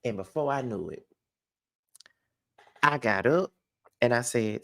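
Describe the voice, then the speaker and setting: A man's voice: medium pitch, takes it slowly, creaky, pauses often, a bit bright. A man telling a personal story to camera in a casual storytime vlog, emphatic and profane. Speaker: vlogger.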